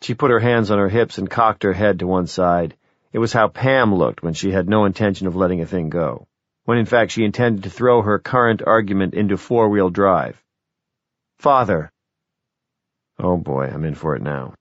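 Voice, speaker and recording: A middle-aged man reading an audiobook in the first person, measured and reflective. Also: on the low side, no echo. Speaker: audiobook narrator. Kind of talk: scripted narration. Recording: dry, dull lo-fi audio.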